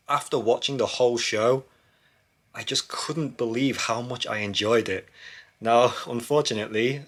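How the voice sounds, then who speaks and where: A man talking casually and enthusiastically as a travel vlogger, chatting to the camera. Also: mid-range voice. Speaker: cruise vlogger. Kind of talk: casual vlog narration. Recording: loud music behind the voice.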